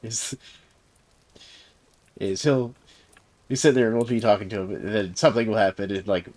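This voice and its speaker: A man in his thirties with a Southern accent chats loosely over gameplay in a lowish, slightly mellow voice at a moderate pace. As a streamer and server host, he meanders along with lots of filler words and chuckles.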